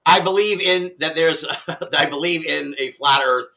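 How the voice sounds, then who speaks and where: A middle-aged man telling a story in casual conversation, animated and laughing often, with casual swearing. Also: on the high side, a little slow, gravelly, rough recording. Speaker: podcast guest.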